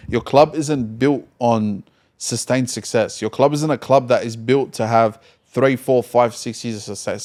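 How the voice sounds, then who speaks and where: A man's voice: mid-range voice, darkish tone. A man co-hosting a casual football podcast, blunt and argumentative, teasing his co-host.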